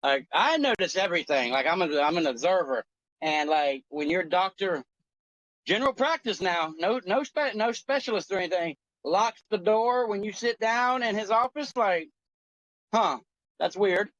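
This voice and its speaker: A man in his forties with a high-pitched voice tells a long, crude story in a lively, swearing, joking way. The sound is dry and close, but a little muffled and lo-fi. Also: moderate pace, dry recording. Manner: animated storytelling, profane and joking. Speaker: co-host. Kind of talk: casual chat.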